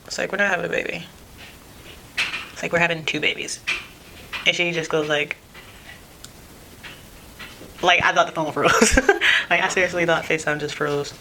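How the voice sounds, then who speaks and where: A young vlogger does her makeup at home in a chatty get-ready-with-me video, rambling, saying "like" constantly, and laughing often; she even acts out her mom's voice in quotes. Her fairly low, creaky voice holds a steady tone at normal speed, with long pauses. The home recording is noisy.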